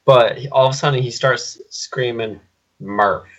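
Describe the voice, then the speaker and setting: A man co-hosting a casual movie podcast, telling an anecdote in animated bursts. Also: mid-range voice, normal speed, highs cut off. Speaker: podcast co-host. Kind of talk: casual chat about movies.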